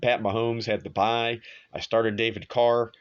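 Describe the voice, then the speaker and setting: A man's voice: fairly low pitch, flat delivery, a little slow, smooth, dull audio. A man hosting a sports show, talking casually and bluntly, with frequent swearing and offhand asides. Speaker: sports podcast host. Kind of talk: casual sports and betting talk.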